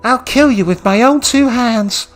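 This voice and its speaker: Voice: mid-range voice, a little slow, faint music behind, voice pushed up, lightly acted. A streamer voicing a vengeful little girl from a visual novel, using a cutesy voice that turns venomous. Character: vengeful little girl, sweet voice full of hatred. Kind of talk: reading a visual novel aloud.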